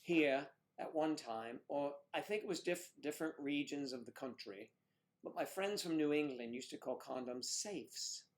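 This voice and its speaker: A man's voice: a little high, moderate pace. A middle-aged man from the United States hosting a casual livestream, teasing viewers by name with bawdy jokes. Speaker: livestream co-host. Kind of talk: casual livestream chat reading comments.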